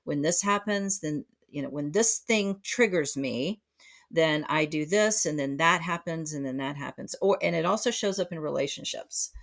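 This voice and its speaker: A woman's voice: deep voice, moderate pace, creaky. A middle-aged woman speaking as a psychotherapist guest on a podcast, reflective and full of fillers and restarts. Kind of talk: conversational podcast interview.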